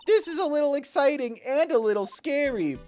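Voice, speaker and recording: A man voicing an excitable little girl in a squeaky, chirpy way, reading game dialogue. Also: fairly quick, soft background music.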